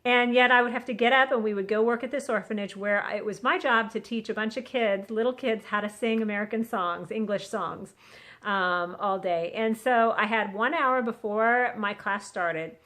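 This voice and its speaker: This devotional vlogger has a bright, high voice and a moderate pace as she speaks into a phone on a selfie stick. Her casual Christian encouragement comes across as chatty and earnest, with quotes acted out.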